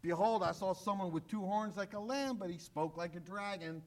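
A male pastor preaching a sermon, emphatic, repeating key phrases and often sinking to a hushed, low voice. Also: normal speed.

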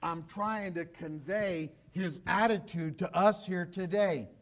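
A man delivers a radio sermon in a notably high voice. He preaches emphatically, rising to loud declarations and then dropping to quiet, low asides. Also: takes it slowly. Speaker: pastor.

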